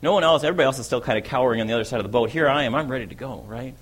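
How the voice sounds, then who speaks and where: A man's voice: medium pitch, very fast, husky, lightly acted. A man playing an eager, bold fisherman apostle in a first-person dramatic monologue, telling his story in a chatty way and often asking "right?". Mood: wondering.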